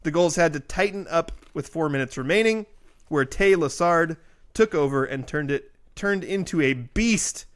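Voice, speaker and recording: A man's voice: a little high, lively intonation, normal speed. Upbeat man recapping youth soccer. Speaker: podcast co-host. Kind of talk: casual sports chat.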